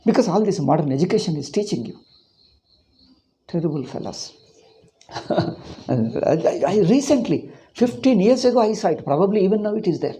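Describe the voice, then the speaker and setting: A man's voice: high-pitched, lively intonation, normal speed, long pauses, mellow. A man with an Indian English accent teaching a Sanskrit class, ranting with emphasis and then going through word meanings. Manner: explaining word meanings one by one. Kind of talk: informal class lecture.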